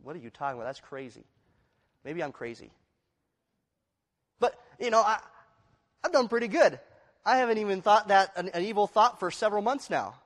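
A man preaching a sermon, shifting from quiet, confessional passages to loud, emphatic ones and acting out the voices of inner struggle. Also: sits high, animated, moderate pace, long pauses, in a large hall. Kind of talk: expository sermon.

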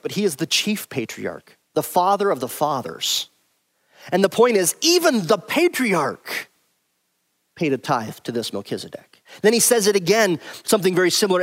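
A man teaching through a Bible passage verse by verse, stressing and repeating his key points emphatically. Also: a little high.

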